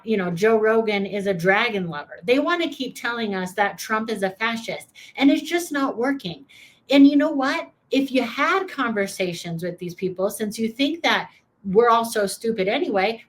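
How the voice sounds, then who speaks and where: A woman hosting a reaction video, giving sarcastic, opinionated political commentary and talking straight to her viewers. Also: on the high side.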